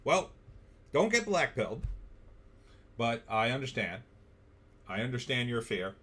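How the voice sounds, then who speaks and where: A man's voice: medium pitch, sing-song, unhurried, bright, forceful tone, breathy edge. A man hosting a political livestream, blunt and sarcastic, reading viewer comments aloud. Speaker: livestream host.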